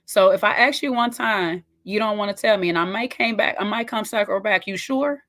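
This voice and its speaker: A woman's voice: medium pitch, brisk, fairly bright tone. A woman hosting a reaction video, giving sassy, emphatic commentary and talking straight to the viewer. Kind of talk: casual commentary reacting to a clip.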